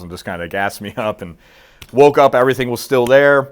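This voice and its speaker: A middle-aged man with a somewhat low voice tells a war story in a casual interview. He acts out the quotes of the people in his story and swears freely along the way. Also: fast. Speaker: guest, military veteran.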